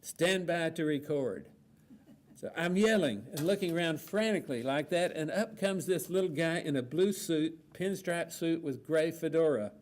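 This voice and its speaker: A man moderating a panel, reading an account aloud in a steady, plainspoken way with frequent fillers. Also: a little high, normal speed, hardly any pauses.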